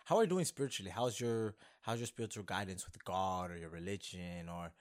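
A young man hosting his own podcast, talking casually and rambling excitedly, with many fillers and restarts. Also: sits low, a little fast. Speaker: podcast host. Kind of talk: casual solo podcast talk.

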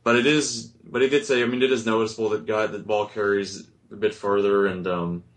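A man's voice: fairly low pitch, little pitch movement, fairly quick, a bit bright. A man on a podcast panel talking in a casual, hesitant way, full of ums and restarts. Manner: hesitant, many ums and kinda. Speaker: reporter on the panel.

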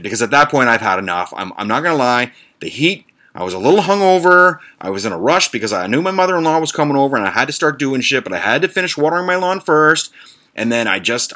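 Profane ranting man, lively and bright. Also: medium pitch. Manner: blunt, profane, exasperated. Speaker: podcast host.

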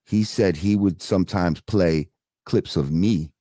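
Middle-aged New York podcast host, animated and profane, low voice, dry mic. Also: male voice, dry recording. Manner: animated, swears freely, drawn-out asides. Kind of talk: casual interview chat.

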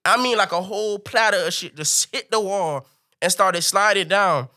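Brief: male comic storyteller, high, bright and animated. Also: normal speed. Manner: animated, swings into high excited pitch for punchlines.

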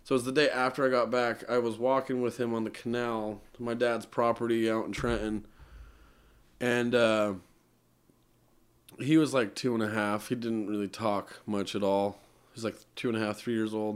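A young man tells a personal story as a podcast guest. His voice sits at an ordinary middle pitch, and he talks in an earnest, rambling way, full of fillers. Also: little pitch movement, normal speed, clear, resonant tone. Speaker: musician guest.

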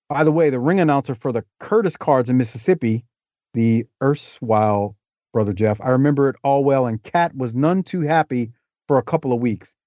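A man's voice: mid-range voice, a little mellow, dry recording. Chatty man on dull lo-fi podcast audio. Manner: talkative, storytelling, jokey asides. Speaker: podcast guest, wrestling historian. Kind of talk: casual interview chat.

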